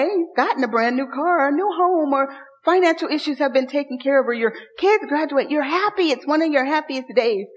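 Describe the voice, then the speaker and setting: A fairly high-voiced woman preaches a sermon, pressing her points through repetition and calling out to the people in front of her. Her voice rings out with a long reverb through a church, captured on a dull, lo-fi recording. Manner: emphatic, repetitive, calls to the congregation.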